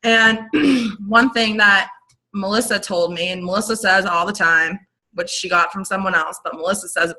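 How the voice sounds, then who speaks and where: A young woman giving an energetic, rambling coaching talk to her team on a video call. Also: mid-range voice, normal speed, rough recording. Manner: energetic, animated, rambling with restarts. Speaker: network marketing team leader.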